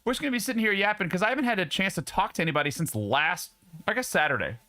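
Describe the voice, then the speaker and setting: A man's voice: sits high, animated, rapid-fire, pushed and bright. A young man hosting his live stream, chatting casually and loosely with lots of restarts and swearing. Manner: loose, profane, rambling with many restarts. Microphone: studio dynamic mic.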